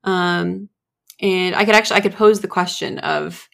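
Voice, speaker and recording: Creaky-voiced young woman podcast host. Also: on the low side, steady tone, moderate pace, fairly bright tone. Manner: chatty, rambling storyteller. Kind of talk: casual chat.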